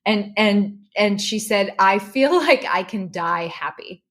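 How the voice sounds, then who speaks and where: With a medium pitch and a slow pace, a woman appears as a podcast guest recounting something personal, animated and emotional, repeatedly restarting what she's saying.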